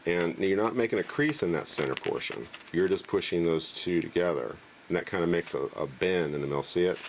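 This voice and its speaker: A man with a low, deep voice walks through a magic trick step by step. He is relaxed and rambling, trips over his words, and tosses in jokes. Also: brisk, slight background noise. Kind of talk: casual demonstration.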